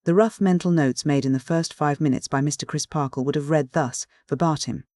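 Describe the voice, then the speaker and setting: Steady audiobook narrator, dry sound. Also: mid-range voice, brisk, dry recording.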